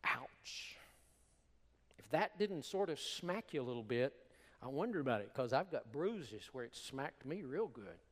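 A man's voice: mid-range voice, normal speed. Male pastor preaching, emphatic, voice swoops all over, church hall echo. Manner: animated, emphatic preaching with repetitions. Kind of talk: sermon. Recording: long hall reverb.

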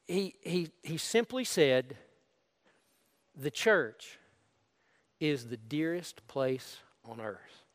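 A lively, high-voiced pastor delivers a sermon in a church sanctuary, earnest and conversational, often restarting his sentences. The recording carries a long hall reverb.

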